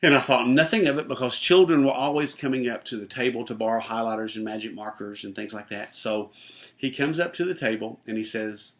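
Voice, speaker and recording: Bright-voiced pastor telling a lively story. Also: male voice, medium pitch, fairly quick. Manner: animated, acts out the voices in his story. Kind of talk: storytelling personal testimony.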